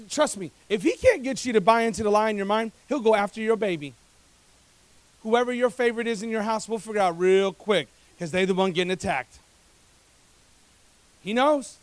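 High-voiced, energetic male pastor. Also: no echo. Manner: energetic, conversational, jokes with the congregation, asks rhetorical questions; repeats words when speeding up. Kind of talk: sermon. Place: church service.

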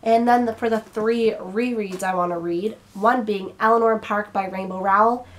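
A woman's voice: medium pitch, fairly even intonation, normal speed. A young woman chatting casually to camera as a book vlogger, her throat a little strained, rambling and now and then stumbling over her words.

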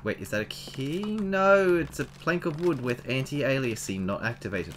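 A man giving casual, animated commentary while playing a horror game, exclaiming and chatting to his viewers. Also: mid-range voice, moderate pace, hardly any pauses, a little hiss or hum. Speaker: let's play gamer.

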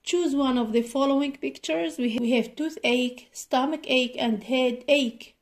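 A woman teaching a children's English lesson, reading short dialogues slowly and repeating each phrase, with quick asides in Arabic. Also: high voice. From Tunisia. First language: Tunisian Arabic.

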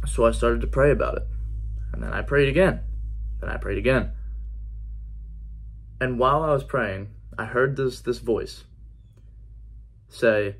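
A man's voice: mid-range voice, measured pace, long pauses. A man giving an earnest personal faith testimony in a conversational vlog style, repeating key phrases for emphasis. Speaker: faith vlogger.

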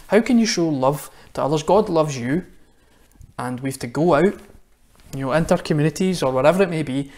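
A man's voice: fairly high pitch, a little mellow. Scottish man, chatty children's address for an online church service, friendly and direct. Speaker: church minister.

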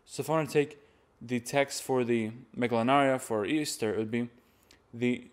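A man's voice: medium pitch, brisk. A man teaching how to chant a church reading, explaining plainly step by step. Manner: plain, explanatory, with sung demonstrations. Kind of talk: instructional talk to camera.

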